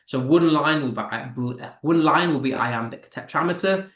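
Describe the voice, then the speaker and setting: A man's voice: fairly high pitch, moderate pace, hardly any pauses, fairly bright tone. British male teacher, encouraging, stresses verse, echoey room. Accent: British English. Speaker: English teacher. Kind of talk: live online lesson.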